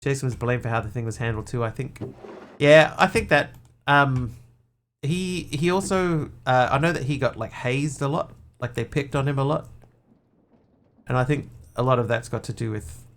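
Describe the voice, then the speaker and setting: A man with a medium-pitched voice at a normal speed chats casually with viewers during a game stream. He talks through his thinking and quietly counts up items as he goes.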